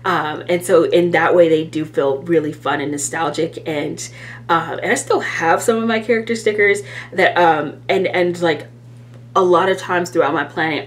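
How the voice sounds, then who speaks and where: A woman's voice: sits low, a little hiss or hum. A woman chatting casually to camera as a planner vlogger, rambling and self-deprecating, with lots of fillers.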